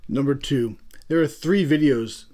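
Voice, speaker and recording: A man's voice: mid-range voice, a little slow, dark tone. A man with a Philadelphia accent, hosting a casual, rambling video about a classic album. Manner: chatty, rambling, self-amused. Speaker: channel host.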